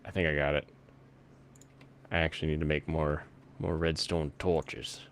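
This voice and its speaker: A man with a rumbling low voice hosts a casual chat while playing a video game, rambling, easily amused, and thinking aloud as he goes. His pitch barely moves, his speed is normal, and there's slight background noise.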